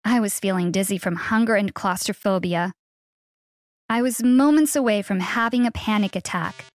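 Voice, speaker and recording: A young woman narrating a scripted first-person story in an earnest, steady way. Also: medium pitch, moderate pace.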